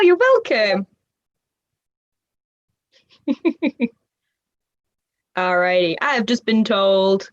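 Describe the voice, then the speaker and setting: A woman with a mid-range voice and a Northern English accent appears as a guest on a livestreamed convention panel. She's bubbly and rambling, reading the chat and laughing often. The home livestream audio is dull and dry, with no room sound.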